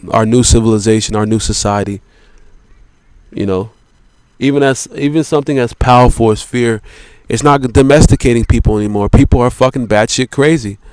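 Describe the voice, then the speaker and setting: Smooth-voiced man ranting, dry close sound. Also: medium pitch, darkish tone, dry recording. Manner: profane, repetitive, peppered with "you know" and "man". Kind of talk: rambling philosophical monologue.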